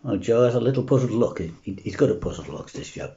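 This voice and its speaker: A man tells a humorous story at a church gathering, and his voice swings up and down with a mellow, warm tone. The recording is dull and lo-fi. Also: mid-range voice, quick pace. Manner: lively storyteller, jumps between character voices. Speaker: church speaker. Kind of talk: telling a joke story.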